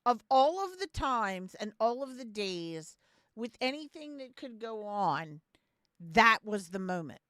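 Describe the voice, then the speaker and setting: A woman's voice: on the high side, sing-song, a little slow, no room sound, clean studio sound. A young adult woman streamer chatting casually on a live stream, blunt and profane, often repeating herself. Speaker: game streamer.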